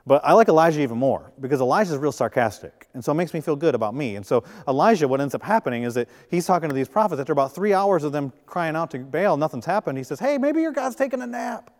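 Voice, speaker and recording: A man's voice: fairly high pitch, lively intonation, quick pace, few pauses. A male pastor giving a sermon in a conversational way, with jokes and acted-out quotes. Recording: long reverb of a large hall.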